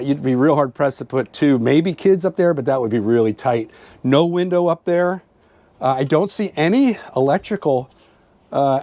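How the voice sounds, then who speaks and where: A man's voice: fairly high pitch, darkish tone, dry recording. Chatty man touring a motorhome. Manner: chatty, upbeat, points things out with frequent fillers. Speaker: RV travel vlogger giving a tour. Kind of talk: casual walkthrough tour. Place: inside a motorhome at an RV show.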